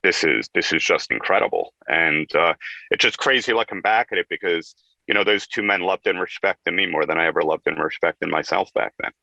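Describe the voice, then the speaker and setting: Deep, bright-toned man telling his story earnestly. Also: fairly quick, gravelly, no echo, low-quality recording. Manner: earnest, emotional and vivid. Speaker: guest. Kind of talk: candid personal storytelling in a talk-show interview.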